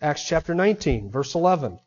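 A man's voice: a little high, sing-song, brisk, darkish tone. A man preaching an expository sermon, emphatic and full of rhetorical questions to his listeners. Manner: emphatic, asks the audience many rhetorical questions. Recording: dull lo-fi sermon recording.

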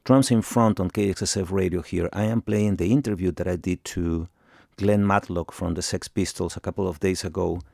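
A man hosting a radio show who asks hesitant, halting questions full of fillers and restarts. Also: low voice, fairly even intonation, creaky, a little mellow, no room sound. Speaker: radio host, interviewer. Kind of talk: radio interview.

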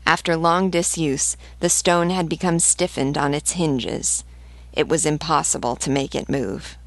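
Lady teacher reading a novel aloud, low steady voice, calm pace. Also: dry recording. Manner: measured, steady narration. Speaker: literature teacher.

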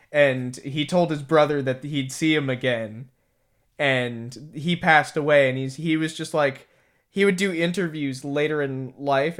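A man from the UK co-hosting a podcast, rambling in casual chat with lots of swearing and filler words. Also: medium pitch. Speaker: podcast co-host.

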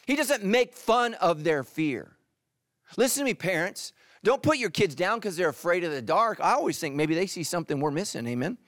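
Animated pastor preaching, dry close sound. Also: male voice, high-pitched, normal speed, no echo. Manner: animated preaching, swings from loud to hushed. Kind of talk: sermon.

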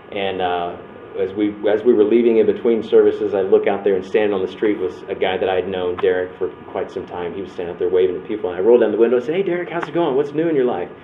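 Male workshop speaker, low-pitched and casual, storytelling, sounds like a phone line. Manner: conversational, restarts and acts out quotes. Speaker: breakout session speaker. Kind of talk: storytelling church workshop talk. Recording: tinny phone-like sound with faint noise.

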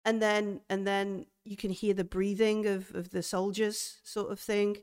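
A young woman narrating a tabletop horror game as game master, hesitant with many pauses and restarts. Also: mid-range voice, level tone, a little mellow, clear, resonant tone.

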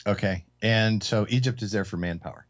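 A low-voiced male co-host talks a little fast in a relaxed round-table discussion, working through economic points with hesitant fillers and restarts. The sound is dull and lo-fi.

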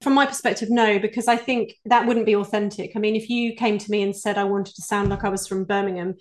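A woman's voice: mid-range voice, fairly even intonation, fast talker. A British woman, a voice coach, answering interview questions in an earnest, explanatory way. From United Kingdom. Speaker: executive voice coach, guest.

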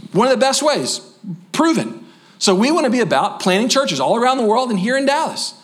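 A high-pitched man preaches to his church with lively, fired-up energy and playful asides. Toward the end he settles into a softer, slower voice to pray. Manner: energetic, animated preaching with quick asides and humor; drops to a soft, slow voice for closing prayer. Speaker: pastor. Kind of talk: sermon. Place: church sanctuary.

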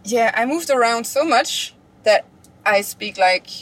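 Brussels woman, kinda high breathy voice, slow and unsure. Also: expressive, poor audio. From Brussels, Belgium. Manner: hesitant, many fillers, soft-spoken. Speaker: guest. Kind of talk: casual conversation.

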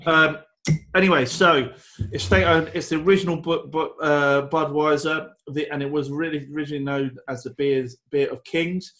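A man's voice: a little high, fairly even intonation, moderate pace, bright, forceful tone. A man co-hosting a casual beer-tasting chat, rambling and enthusiastic, with frequent restarts and fillers. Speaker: podcast co-host.

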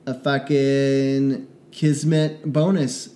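A man's voice: mid-range voice, little pitch movement, very slow, dark tone. A man co-hosting a podcast, joking and rambling in casual comedic chat. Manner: joking, rambling, puts on bad British accents. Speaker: podcast co-host.

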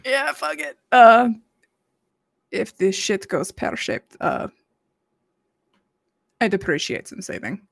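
A woman playing a tabletop game, expressive and exclamatory, swearing freely. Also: mid-range voice, takes it slowly, gravelly, long pauses. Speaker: player. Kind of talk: casual tabletop play.

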